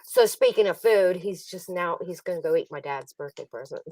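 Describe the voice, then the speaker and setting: A middle-aged woman hosts a casual stream and spins a family story with lots of laughter. Her pitch jumps around as she acts out the scenes. She sits back from the mic in a dry room. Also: lively intonation, moderate pace, a little mellow, no room sound, recorded from a distance, rough recording. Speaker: livestream host.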